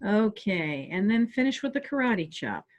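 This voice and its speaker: A woman calmly guiding listeners step by step through a stress relief tapping exercise on a video call. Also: mid-range voice, moderate pace, lo-fi sound. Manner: calm step-by-step coaching. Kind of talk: guided tapping exercise instruction. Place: home office on a webinar.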